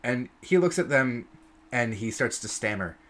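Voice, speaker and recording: A man's voice: mid-range voice, animated, moderate pace, a bit bright. A man narrating a tabletop game as game master, loose and descriptive.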